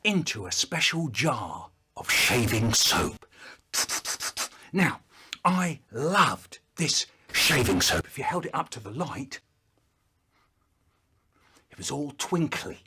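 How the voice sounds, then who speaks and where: A man telling a comic childhood story in an animated, playful way, with stuttered sound effects. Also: medium pitch, slow, pauses often, husky.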